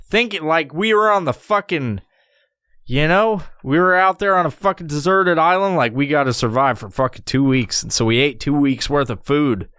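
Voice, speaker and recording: A man hosting a solo podcast, rambling through a story with constant swearing and lively mimicry. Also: a little high, normal speed, clean tone, no echo, studio quality. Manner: profane, rambling, animated storytelling. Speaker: podcast host.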